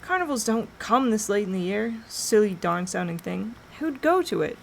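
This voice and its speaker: A woman's voice: medium pitch, sing-song, normal speed, vocal fry, a little hiss or hum. A woman voicing an anxious, earnest young boy in a storybook reading, with worried, pleading calls. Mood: protesting.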